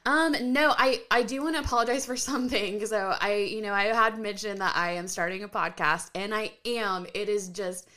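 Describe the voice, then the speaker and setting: An upbeat woman chats as a podcast guest in a relaxed way. She uses plenty of fillers like "um" and "like." Her voice sits at a middle pitch. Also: normal speed, hardly any pauses. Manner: chatty, upbeat, filler-heavy. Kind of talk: casual chat.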